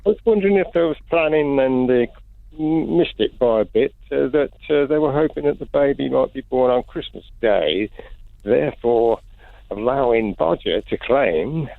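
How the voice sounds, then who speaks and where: A man's voice: medium pitch, lively intonation, moderate pace, vocal fry, dry recording. A man from Cumbria calling a radio show, hesitant and joking. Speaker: caller. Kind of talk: phone-in call. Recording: dry phone line.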